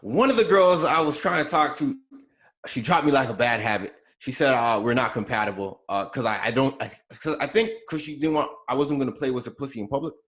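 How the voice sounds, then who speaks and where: A man's voice: mid-range voice, fairly quick, fairly bright tone. Laid-back young man talking slang. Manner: laid-back, slangy, full of "you know" fillers. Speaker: podcast host. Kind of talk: casual chat.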